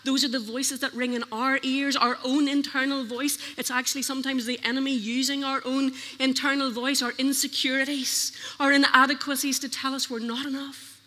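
A woman's voice: sits high, little pitch movement, normal speed, hardly any pauses, sharp tone. A woman preaching a sermon, earnestly questioning her listeners. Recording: long hall reverb.

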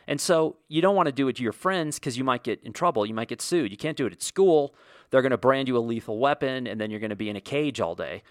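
A man talks through a solo podcast, rambling from point to point with sarcastic jokes and quick mock quotes. His pitch sits in a middle range for a man. The recording is dry and close, with no room echo. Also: sing-song. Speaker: podcast host.

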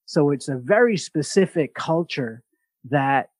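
A man's voice: on the high side, measured pace, dry recording. New man telling stories, dry sound. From New York. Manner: animated, mimics other voices in quotes, swears casually. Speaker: podcast host. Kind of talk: casual storytelling chat.

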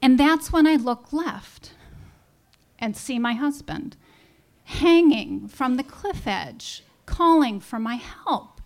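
A middle-aged woman telling a personal story live on stage at a story slam, wry and animated, with humorous asides. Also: high voice, a little slow. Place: live storytelling event in a brewery.

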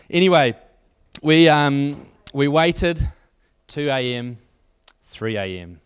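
A man's voice: mid-range voice, expressive, takes it slowly, long pauses, clear, resonant tone. A man preaching to a church audience, telling a wry anecdote loosely with fillers and restarts. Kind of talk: storytelling sermon.

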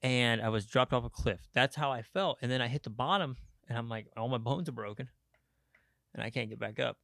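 A man talks through a personal podcast monologue in an open, unscripted way. He stops and restarts often and leans on fillers as he searches for words. His mid-pitched voice sits close and dry, with no room sound around it. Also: vocal fry, fairly bright tone, dry recording. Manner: candid, halting, with frequent restarts and fillers. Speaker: podcast host.

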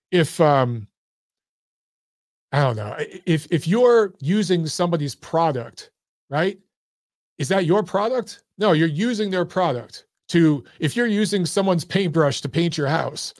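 Blunt, profane male host, a touch high-pitched, voice going hoarse, dead-dry close mic. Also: no echo. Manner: blunt, profane, talks straight to viewers. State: losing his voice. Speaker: boxing show host. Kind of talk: casual live-stream chat.

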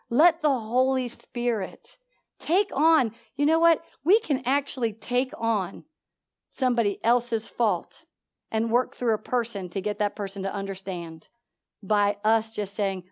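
A middle-aged woman preaching a sermon, telling a personal story with lively swings between loud and soft, and asking the congregation questions. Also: fairly high pitch, measured pace.

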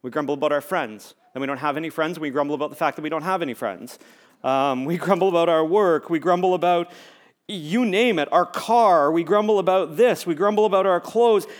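Preaching in a conversational way, this male pastor's voice is a little high and his delivery a little fast. He rises into forceful repeated phrases and sinks at times to soft, near-whispered words.

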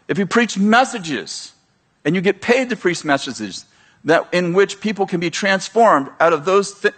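A man's voice: high-pitched, fairly bright tone. Man preaching casually on stage. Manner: conversational preaching, acts out dialogue, frequent restarts. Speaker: pastor speaking at a leaders conference. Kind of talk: sermon. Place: large church auditorium.

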